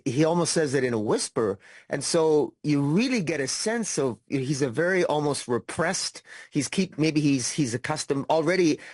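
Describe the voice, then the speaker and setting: A man's voice: fairly high pitch, dry recording, studio quality. A man co-hosting a comic book podcast, thinking aloud in casual chat, often stammering and restarting. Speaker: podcast co-host.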